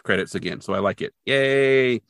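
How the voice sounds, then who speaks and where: A man's voice: fairly low pitch, expressive, fairly quick, fairly bright tone, no room sound, studio quality. A man casually recapping a TV episode on a podcast, thinking aloud and second-guessing himself. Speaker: podcast co-host.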